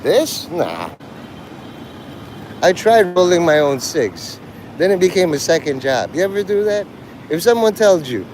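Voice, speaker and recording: A man talking casually on a livestream while walking outdoors, rambling and joking and mimicking others in quick quoted voices. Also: a little high, sing-song, darkish tone, a little hiss or hum.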